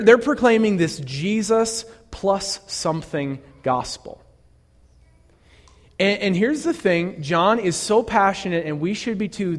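Guy pastor preaching, kinda high voice, casual and earnest with lots of ums, big church reverb. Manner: earnest, conversational with many fillers and restarts. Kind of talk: sermon.

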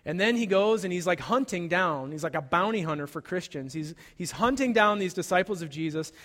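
A man's voice: sits high, expressive, a little fast, fairly bright tone. A man preaching a sermon, retelling a story in a conversational way and often checking in with "right?". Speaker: pastor. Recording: long hall reverb.

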